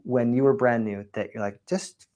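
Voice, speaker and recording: A man's voice: medium pitch, steady tone, moderate pace, mellow. A male podcast host interviewing a guest, giving affirming responses and closing the show.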